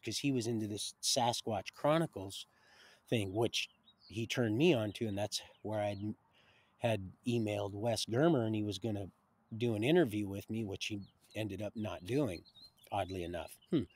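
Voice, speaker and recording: A man's voice: lowish voice, normal speed, slightly rough, no room sound. A man telling a rambling personal story on a livestream, often repeating and restarting his words.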